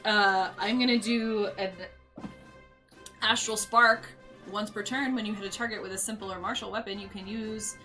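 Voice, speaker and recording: A woman playing a tabletop game, excitable and quick to laugh, reading rules aloud. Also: mid-range voice, soft background music. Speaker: player.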